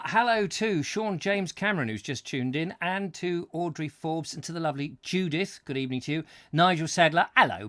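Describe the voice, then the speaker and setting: A man's voice: on the high side, a bit bright, dry recording, studio quality. A man hosting a comic live-stream chat show, rambling and jokey, trailing off with fillers. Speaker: host.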